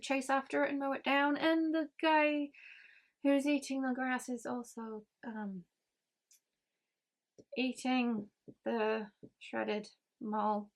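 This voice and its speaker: A woman's voice: high-pitched, level tone, slow, long pauses. A woman gives a casual spoken book review, chatty and rambling with many ums and frank grumbles.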